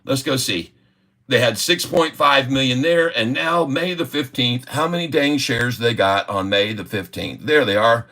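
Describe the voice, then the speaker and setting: A man's voice: mid-range voice, moderate pace, bright, forceful tone. A middle-aged man ranting indignantly in a livestream of stock commentary. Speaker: stock market streamer.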